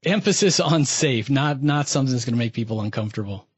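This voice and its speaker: A man's voice: medium pitch, animated, fast talker, slightly rough, no echo, highs cut off. A male podcast host who asks questions and gives a friendly, upbeat sign-off. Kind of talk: podcast interview hosting.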